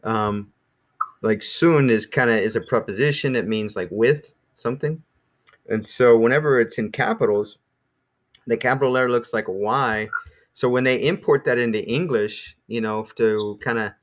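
A man teaching an online language class in a relaxed, rambling way with many fillers, speaking over a video call. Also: fairly low pitch, normal speed. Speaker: Greek teacher.

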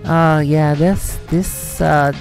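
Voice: medium pitch, steady tone, creaky, a little mellow, faint music behind. A gaming channel host giving live let's-play commentary, thinking aloud and breaking into panicky, swearing outbursts while playing. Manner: thinks aloud, reading game text slowly.

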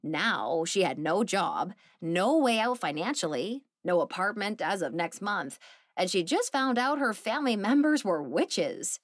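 A woman narrating a cozy mystery audiobook in an expressive storytelling manner. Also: medium pitch, measured pace, no room sound, studio quality. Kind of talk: scripted narration.

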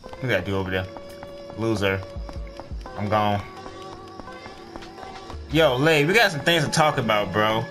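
A man casually commenting on his gameplay as a streamer, slangy and quick to react out loud. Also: lowish voice, expressive. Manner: slangy, reacts loudly to the game. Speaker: gaming streamer. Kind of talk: casual let's-play commentary. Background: game music.

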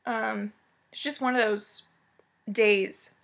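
A woman talks at home in a rambling, chatty way, drifting into asides as she gives a cross-stitch update. Her voice sits a little high and has a gravelly, fried edge. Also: unhurried, a bit bright.

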